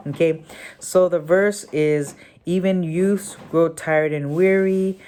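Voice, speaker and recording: Talk as a woman with a very deep voice giving a casual spoken tutorial, thinking aloud with lots of fillers and correcting yourself as you go. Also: steady tone, takes it slowly, warm tone, slight background noise. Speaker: memory technique tutor.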